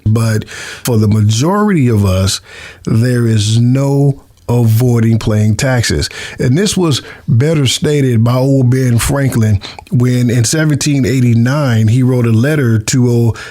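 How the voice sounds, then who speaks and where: A certified tax preparer, a man, teaching taxes in a relaxed explainer style, repeating words now and then. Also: mid-range voice, measured pace. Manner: friendly, repeats words, chuckles at his own jokes. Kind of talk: casual explainer lesson.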